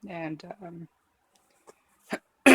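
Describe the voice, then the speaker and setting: A woman telling a personal story to camera in a halting, emotional way, with many fillers and restarts. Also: medium pitch, lively intonation, vocal fry, a little hiss or hum. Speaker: vlogger.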